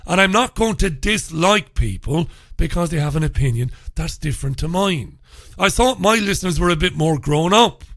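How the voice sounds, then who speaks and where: Middle-aged Irish male radio host, sarcastic solo rant, bright forceful tone, dry close studio sound. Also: a little high, lively intonation, normal speed, dry recording. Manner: sarcastic, ranting, mock questions. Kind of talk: solo talk radio commentary.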